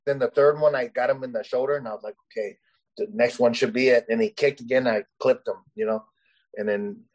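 A man's voice: mid-range voice, steady tone, a little fast, a little mellow, poor audio. Guest fighter, male, loose rambling delivery, lots of fillers, conversational. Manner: rambling, heavy with "you know" and "uh" fillers. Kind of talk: casual storytelling interview.

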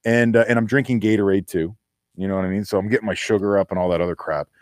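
A man's voice: lowish voice, steady tone, very fast, darkish tone, no echo, studio quality. A middle-aged man, a former football player, telling a story in a casual interview and acting out the voices he quotes.

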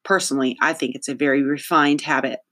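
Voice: mid-range voice, fairly even intonation, fast, a bit bright, natural voice. An audiobook narrator voicing a prim, fussy woman principal who lectures a student about manners. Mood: prim, scolding. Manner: scolding, prim. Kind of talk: audiobook character voice.

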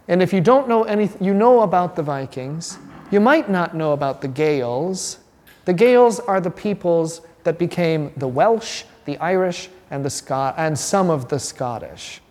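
Chatty pastor teaching a class, reverberant hall. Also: male voice, on the high side. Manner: animated, chatty, asks the class questions.

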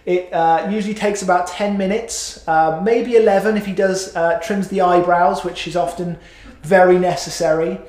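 Middle-aged male pastor, fairly high voice, chatty, jokes at his own expense, preaching in a reverberant church hall. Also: fairly even intonation, normal speed, a little mellow. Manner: conversational and self-mocking, with many fillers. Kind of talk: sermon. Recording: echoey hall.

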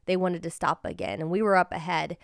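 Lively, encouraging woman podcast host. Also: on the low side, a little fast, gravelly, dry recording, clean studio sound. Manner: encouraging, earnest. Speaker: podcast host and life coach. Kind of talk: personal storytelling podcast.

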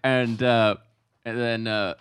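A man's voice: mid-range voice, level tone, slow pace, a bit bright, smooth. A man co-hosting a podcast in an easygoing, casual chat. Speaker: podcast co-host.

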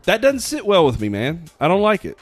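A man's voice: high voice, wildly swooping pitch, brisk, soft background music. A man co-hosting a podcast, telling a story casually with plenty of fillers. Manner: storytelling, chatty, hesitant with fillers. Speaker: podcast co-host. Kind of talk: casual chat.

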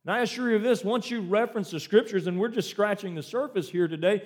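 High-voiced male preacher, emphatic. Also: quick pace. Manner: emphatic preaching with dramatic shifts in pace and loudness. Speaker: pastor. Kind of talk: sermon.

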